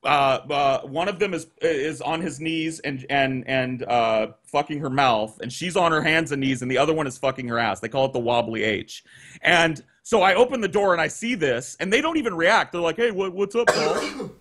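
A guest storyteller on a podcast, a man with a fairly high voice at normal speed, tells a long story over a video call. He's animated and profane, acting out the people he quotes.

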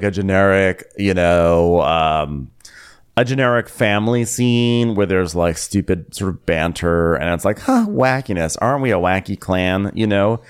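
Male podcast co-host, animated pitch, loose rambling recap style. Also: clean tone. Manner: rambling, laughs often, does silly accents when quoting. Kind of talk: casual recap chat.

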